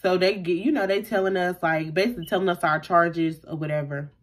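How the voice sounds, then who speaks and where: A woman's voice: on the low side, fairly even intonation, fairly quick. A young adult woman vlogger telling a personal story in a casual, chatty way, full of fillers, acting out what people said. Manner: chatty, lots of fillers, acts out quotes.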